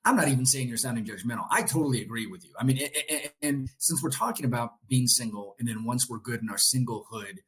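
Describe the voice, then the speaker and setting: A man's voice: medium pitch, fast talker, hardly any pauses, a bit bright, low-quality recording. A man in his late forties hosting a podcast, chatting casually and animatedly, swearing and laughing freely. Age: late 40s. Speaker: podcast host.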